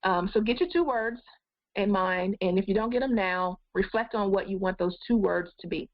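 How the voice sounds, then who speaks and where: A woman's voice: mid-range voice, normal speed, no echo, highs cut off. A woman life coach giving an encouraging goal-setting webinar, talking straight to her viewers. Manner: encouraging, addresses viewers directly.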